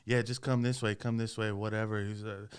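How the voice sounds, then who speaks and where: A man casually telling a long, profane story on a podcast, animated and swearing often. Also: fairly low pitch, brisk, clear, resonant tone.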